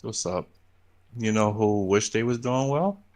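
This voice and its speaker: A man's voice: fairly low pitch, unhurried, darkish tone. A man hosting a casual sports podcast, laid-back and joking, with the odd um and trailing off. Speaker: podcast host.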